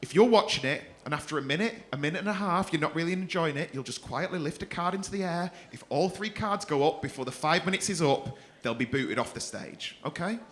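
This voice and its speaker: Compere, male, high and bright voice, crude crowd work on a club stage. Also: expressive, fairly quick, hardly any pauses. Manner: swearing, teasing audience members.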